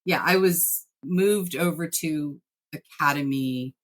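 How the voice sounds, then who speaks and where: A woman's voice: sits low, takes it slowly. A woman guesting on a podcast interview as a TV writer, laughing easily and speaking affectionately.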